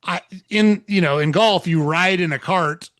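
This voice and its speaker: Guy telling a story on a podcast, pretty high voice, relaxed, swears a lot, super dry mic. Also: unhurried, no echo. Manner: laid-back, swears casually, acts out dialogue. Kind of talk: casual storytelling.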